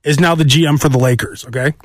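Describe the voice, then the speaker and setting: A man's voice: a little high, steady tone, fast, no echo, studio quality. A man hosting a podcast, ranting in brash, profane casual chat. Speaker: podcast host.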